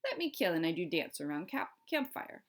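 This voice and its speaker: A woman's voice: lowish voice, sing-song, normal speed. A woman voicing a proud, sly little warrior man who speaks in clipped, terse phrases. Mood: blunt.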